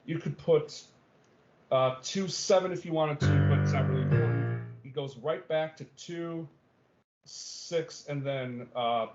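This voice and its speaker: A man's voice: on the high side, unhurried, a little mellow. A male music theory teacher giving an online class lecture, explaining step by step with many okays and ums and checking that students follow. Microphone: video call. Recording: dull lo-fi video-call audio.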